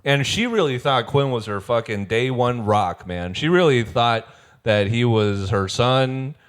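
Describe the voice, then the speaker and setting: A man co-hosting a casual podcast, swearing freely and acting out quotes in high put-on voices. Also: animated, measured pace, smooth. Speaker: podcast co-host. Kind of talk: casual chat recapping a reality show.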